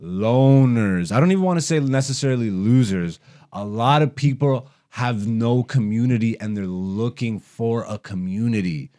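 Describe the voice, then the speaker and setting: A man's voice: mid-range voice, moderate pace, dark tone. Heated, profane young man ranting. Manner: heated, profane, rambling monologue. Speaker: podcast host, comedian. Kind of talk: casual podcast talk.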